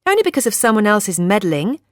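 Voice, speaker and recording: A woman's voice: medium pitch, big pitch swings, fairly quick, dry recording, studio quality, pitched above the performer's own voice, lightly acted. A woman voicing a shaken young woman in an audiobook, her lines lifted and emotional. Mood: agitated. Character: young woman narrator-heroine, shaken and upset.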